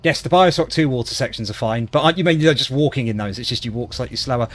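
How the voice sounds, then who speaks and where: A man's voice: mid-range voice, quick pace. A man from Wales chatting as a gaming streamer, reacting with disgust and cracking self-deprecating jokes. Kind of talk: casual gaming commentary.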